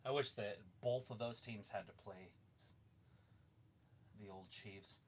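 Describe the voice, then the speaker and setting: A man chatting casually as co-host of a watch-along, laid-back and low-key. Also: slow, slight background noise. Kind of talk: casual chat.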